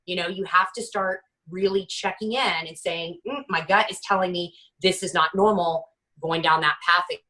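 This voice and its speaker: A woman in her forties, a guest author, speaks candidly in an interview with a bright, forceful, fairly low-pitched voice on a rough recording. Halting, she stops and restarts often, then livens up to act out other people's lines in her stories.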